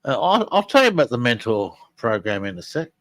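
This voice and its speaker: A man's voice: medium pitch, very animated, a little fast, a bit bright, dry recording, low-quality recording. A man hosting a live podcast, talking casually and rambling with many fillers and restarts. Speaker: podcast host.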